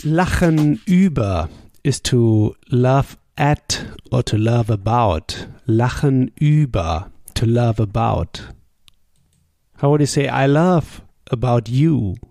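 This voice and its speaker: A man, a native German speaker, teaching a language lesson with patient drills and sample sentences spoken slowly. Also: medium pitch, lively intonation, gravelly, warm tone, no room sound, clean studio sound.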